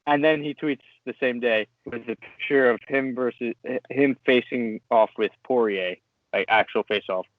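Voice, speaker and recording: A man co-hosting a casual sports podcast, excitable and laughing often as he reads posts aloud. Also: medium pitch, normal speed, no room sound. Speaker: podcast co-host. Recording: dry, tinny phone-like sound.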